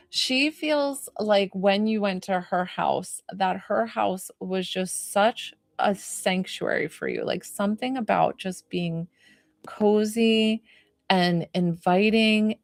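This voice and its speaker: A woman's voice: medium pitch, slow, vocal fry, no echo, clean studio sound. A woman giving a spiritual medium reading in an effusive, emotional way with many fillers.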